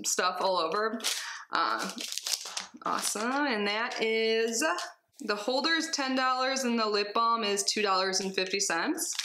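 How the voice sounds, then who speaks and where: A young woman chatting casually as she unboxes a subscription box at home, bubbly and excitable with giggly asides. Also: medium pitch, roomy sound, noisy background. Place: home, with cats.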